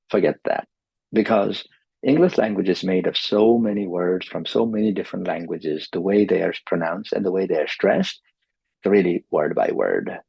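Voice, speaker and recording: Guy with a gravelly low voice teaching pronunciation, dull dry lo-fi sound, hams up the stress on words. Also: darkish tone, dry recording. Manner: explains patiently, models words with exaggerated stress. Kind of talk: pronunciation lesson.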